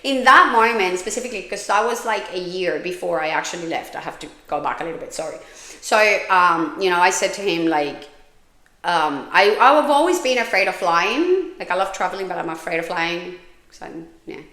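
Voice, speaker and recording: A woman's voice: on the low side, lively intonation, brisk, bright, forceful tone, roomy sound. A woman hosting a podcast, telling her own story in a frank, candid way, swearing freely and often restarting her sentences. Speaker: podcast host.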